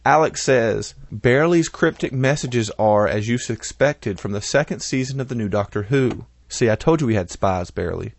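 A man's voice: medium pitch, normal speed, gravelly, few pauses, no echo. A man co-hosting a casual podcast, reading out listener comments and cracking jokes as he goes. His voice sits in a middle range and is recorded dry, with no room sound. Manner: joking, laughs often. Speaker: podcast co-host.

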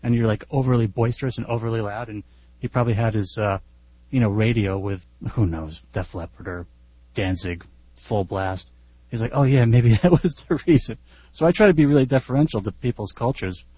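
A man with a mellow, slightly husky voice guests on a casual podcast. He tells lively, self-deprecating anecdotes into a close, dry mic. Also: lowish voice, fairly quick, no echo.

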